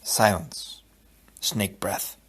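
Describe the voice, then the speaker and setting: A man's voice: extremely slow, husky. Man narrating an audiobook expressively. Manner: expressive storytelling, dropping low for asides. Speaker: audiobook reader.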